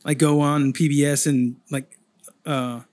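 A man's voice: a little high, little pitch movement, unhurried, darkish tone. A man chatting on a podcast as a guest artist, telling rambling, profane stories. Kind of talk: casual chat.

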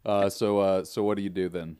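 A man narrating as game master in a casual tabletop game, with a relaxed manner, laughing often and filling pauses. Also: deep voice, clear, resonant tone, no echo, clean studio sound.

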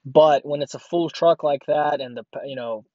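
A man's voice: fairly high pitch, moderate pace, a little mellow, dry recording. A man who works at a grocery store, rambling through a sarcastic casual rant with lots of fillers. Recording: dull lo-fi dry audio.

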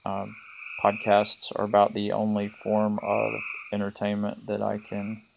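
A man with a Southern US accent hosting a podcast, speaking in a relaxed, laid-back way with many ums and restarts. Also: fairly low pitch, measured pace, gravelly, muffled recording, a little hiss or hum. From American South. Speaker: podcast host. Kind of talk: casual solo podcast monologue. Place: front porch of an off-grid cabin.

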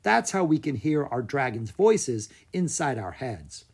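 A narrator voicing a quick-thinking young girl adventurer in a children's storybook, brisk and confident. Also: medium pitch, big pitch swings, breathy edge, heavily acted.

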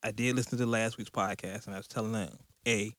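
A man hosting a podcast in casual chat, hyped and joking, at times deliberately slowing his delivery. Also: on the low side, steady tone, fairly bright tone, dry recording. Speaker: podcast host.

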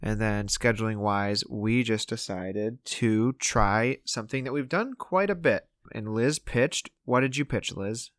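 A man co-hosting a casual podcast, chatting playfully and slipping into quick impressions. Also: fairly low pitch, a bit bright, no echo, studio quality. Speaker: podcast co-host.

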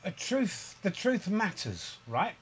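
A man in casual podcast chat, telling stories in a rambling, animated way with frequent restarts. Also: sits high, slow pace, slightly rough.

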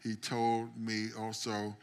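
A middle-aged man preaching a sermon as pastor, telling stories and acting out quotes, building up to loud climaxes. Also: on the low side, monotone, slow, clear, resonant tone. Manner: storytelling, acts out quotes, builds to shouting climax.

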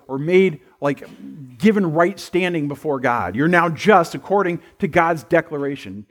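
A man's voice: on the high side, slightly rough. A middle-aged male pastor giving a sermon in a loose, conversational way, full of asides and restarts.

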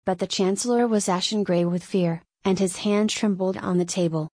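A woman's voice: fairly low pitch, steady tone, normal speed, hardly any pauses, a little mellow, dry recording. Woman narrating an audiobook, dry sound.

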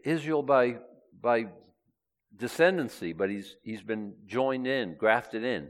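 A man preaching a sermon, reading scripture aloud and swinging between loud and hushed delivery. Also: mid-range voice, takes it slowly.

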